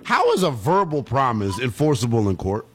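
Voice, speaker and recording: With a crowd in the background, a young man hosts a late-night sports call-in radio show at normal speed. His medium-pitched voice swings hugely in pitch as he jokes, laughs a lot, and riffs with callers.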